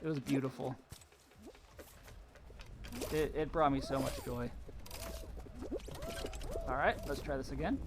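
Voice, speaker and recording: A man's voice: medium pitch, fairly even intonation, a little slow, pauses often, noisy background. A young man streaming a game live, chatting casually with viewers, telling stories and laughing often. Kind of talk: casual live-stream chat while gaming.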